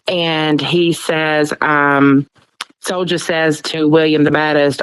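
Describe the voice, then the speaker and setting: A woman's voice: low-pitched, flat delivery, takes it slowly, clean tone, dry recording, low-quality recording. A woman co-hosting a casual livestream, speaking hesitantly with many ums as she retells events. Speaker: livestream co-host.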